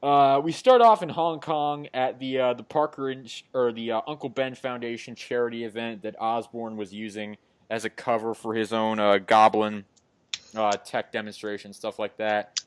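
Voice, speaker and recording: A man of middle pitch walks through a comic issue in an easy, chatty way. He leans on "uh" and "like" as he talks, and acts out the characters' lines as quotes. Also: steady tone, moderate pace, smooth. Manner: recaps with many fillers, acts out quotes. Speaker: podcast host. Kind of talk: casual comic book recap.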